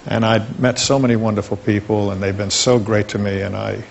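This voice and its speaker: An older man, a talk show guest, reminiscing fondly and at an unhurried pace about his past. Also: lowish voice, fairly even intonation, gravelly, dull audio, slight background noise.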